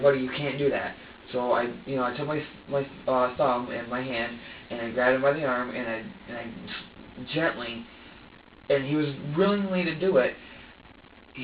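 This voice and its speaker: A man answers police questions in halting bursts, stumbling and restarting often and acting out what he once said. His voice sits at a middle pitch. The recording is distant, echoey and narrow like a phone line, with faint hiss behind it. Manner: halting, stammering, many restarts; acts out his own past words. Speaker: suspect being questioned. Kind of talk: police interrogation. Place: interrogation room.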